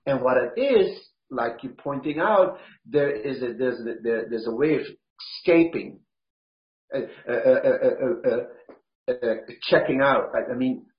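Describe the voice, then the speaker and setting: A man sharing his experience on a group video call, speaking in a rambling, halting way with many fillers. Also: medium pitch, lively intonation. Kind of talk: casual sharing. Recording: roomy dull video call audio.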